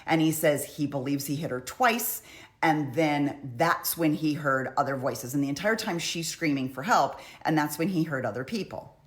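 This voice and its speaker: A woman's voice: low-pitched, moderate pace. A woman casually recapping courtroom testimony in a chatty, conversational way. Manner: chatty, conversational, frequent "like" and "you know". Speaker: true crime commentator.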